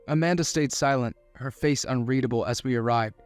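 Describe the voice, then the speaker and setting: A man narrating a first-person romance story in a steady scripted delivery. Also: mid-range voice, brisk, faint music behind.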